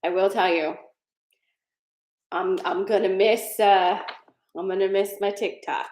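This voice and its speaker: A woman's voice: mid-range voice, fairly even intonation, slow, long pauses, a little mellow. A woman hosting a casual live tarot card reading, chatty and digressive, laughing often. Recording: roomy echo.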